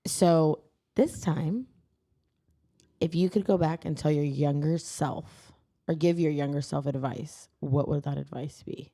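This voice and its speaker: A woman hosting a podcast, asking playful, quick questions in a casual chat. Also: low voice, mellow. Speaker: podcast host.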